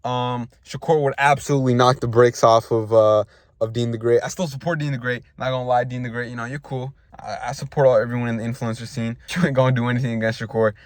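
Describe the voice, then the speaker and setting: A man's voice: mid-range voice, fairly even intonation, quick pace, no room sound, studio quality. A young man hosting a casual boxing news vlog from a parked car, rambling in slang with frequent restarts. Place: parked car in a school parking lot.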